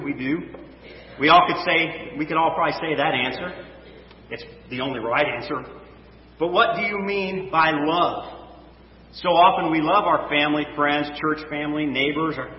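A male pastor preaching a sermon, reading scripture and then talking loosely to his congregation. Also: a little high. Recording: echoey hall, dull sound, faint noise.

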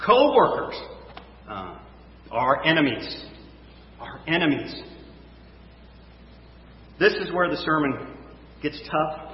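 A male pastor preaching a sermon, reading scripture and then talking loosely to his congregation. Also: fairly high pitch. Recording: echoey hall, dull sound, faint noise.

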